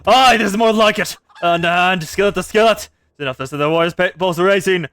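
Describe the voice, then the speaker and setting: A woman's voice: fairly low pitch, a little fast, a bit bright, close to an everyday voice. A woman voicing a bold, swaggering male warrior with grand declarations, reading game lines aloud. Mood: boastful.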